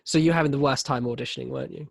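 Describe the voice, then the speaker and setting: A man's voice: mid-range voice, racing, vocal fry, dry recording, clean studio sound. A man hosting a podcast, teasing his friend in casual, laughing chat with plenty of swearing. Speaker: podcast host.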